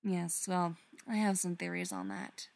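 A woman voicing a kindly older man who explains things in a measured way. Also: on the low side, very animated, vocal fry, a little mellow, full character voice. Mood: calm explaining.

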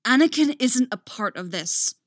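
A woman's voice: medium pitch, normal speed, no echo, clean studio sound, close to an everyday voice. A woman playing a wry, composed jedi master. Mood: urgent.

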